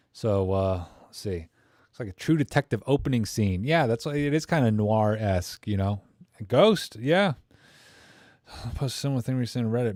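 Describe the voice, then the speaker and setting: A man's voice: medium pitch, darkish tone, no echo, studio quality. A man hosting a live camera stream, rambling and joking as he reads chat comments aloud.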